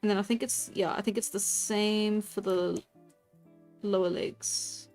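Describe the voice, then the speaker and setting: A woman streamer speaks in a mid-range, darkish voice at a measured pace with a steady tone. She draws while casually chatting with viewers, giggling frequently and reacting to chat, as faint music plays behind her.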